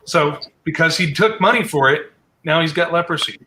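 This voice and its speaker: A man's voice: fairly high pitch, normal speed, sharp tone, a little hiss or hum, low-quality recording. A man leading a casual group Bible study, explaining scripture conversationally with asides.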